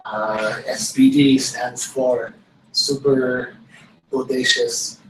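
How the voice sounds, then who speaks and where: A man's voice: medium pitch, steady tone, very slow, noisy background. A man doing improv banter with hesitant fillers on a comedy podcast, in a roomy echo from a distant mic. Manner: hesitant fillers, breaks into laughter. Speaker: comedy troupe member.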